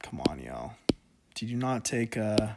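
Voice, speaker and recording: A man casually teaching an economics lesson, chatty with joking asides and lots of fillers, working through the math and pausing now and then with hiccups. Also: fairly low pitch, very animated, creaky, very noisy. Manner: slow deliberate explaining. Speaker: economics tutor.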